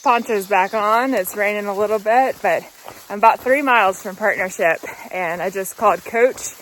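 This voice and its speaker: A woman's voice: medium pitch, normal speed, fairly bright tone, a little hiss or hum. A woman vlogging as she walks a mountain trail outdoors, talking casually and upbeat to a handheld camera and laughing easily. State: walking on trail. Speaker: hiking vlogger.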